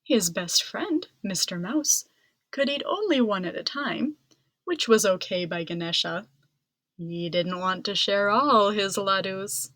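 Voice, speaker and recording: A woman reading a children's picture book aloud in an expressive, dramatic way. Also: mid-range voice, a little slow, no room sound. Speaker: storybook reader. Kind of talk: children's storybook read-aloud.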